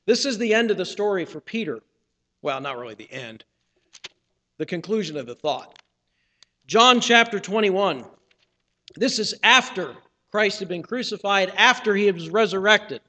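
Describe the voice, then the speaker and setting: A male pastor with a high, pushed, bright voice preaches in an earnest, conversational way, telling stories and acting out the people he quotes. The church sanctuary around him is reverberant.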